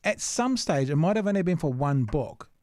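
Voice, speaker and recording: A man's voice: a little high, big pitch swings, moderate pace, a little mellow, no echo, studio quality. A man hosting a casual interview, asking rambling questions with restarts. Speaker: podcast host, interviewer.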